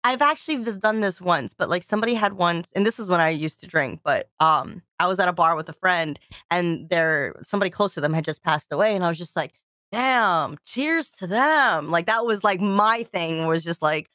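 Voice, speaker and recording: A woman co-hosting a podcast in casual chat, animated and quick to laugh. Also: on the low side, no echo, clean studio sound. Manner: laughs often, animated storytelling. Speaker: podcast co-host.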